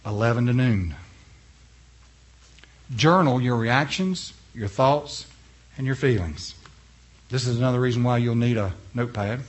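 Husky, emphatic male preacher. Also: mid-range voice, unhurried, long pauses. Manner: emphatic, swinging from hushed to loud; rhetorical questions to the congregation. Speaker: pastor. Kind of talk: sermon.

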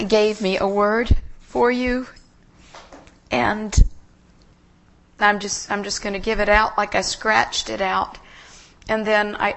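Woman, guest preacher, sermon, slow unhurried delivery, emotional, halting, earnest. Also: medium pitch, fairly bright tone. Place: church.

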